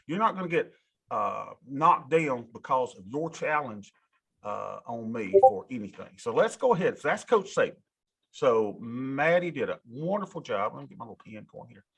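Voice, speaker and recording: A man lecturing a college class, animated and folksy, talking straight to his students in a classroom. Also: mid-range voice, gravelly, slightly rough. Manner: animated, talks to students directly, folksy asides. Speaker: college instructor.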